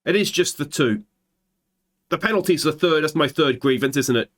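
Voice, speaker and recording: A fairly high-voiced Australian man narrates his football management game like a match commentator. He talks casually into a desk microphone and rises into excited shouting when chances come. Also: normal speed. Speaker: let's play host. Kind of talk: gameplay commentary.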